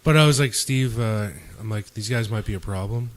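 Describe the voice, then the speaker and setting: A man's voice: fairly low pitch, brisk. Young man telling rambling bar stories. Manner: rambling, profane, acts out quotes of others. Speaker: podcast host. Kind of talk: casual chat, storytelling.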